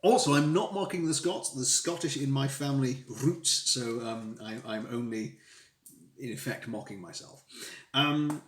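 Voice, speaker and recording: A man's voice: medium pitch, a little slow. A man chatting casually on a live stream while building Lego, rambling and poking fun at himself. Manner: rambling, self-mocking, chatty with viewers. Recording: echoey room with faint noise.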